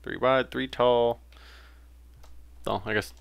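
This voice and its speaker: A man's voice: mid-range voice, slow, creaky, no room sound. A young man giving casual, rambling commentary while playing a game, with frequent fillers and self-corrections. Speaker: let's play gamer.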